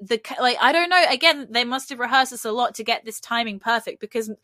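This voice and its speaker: A woman's voice: on the high side, fast, no room sound. Giggly woman with a dry close sound. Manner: giggly, animated, acts out quoted lines. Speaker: podcast co-host. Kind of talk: casual chat about a TV episode.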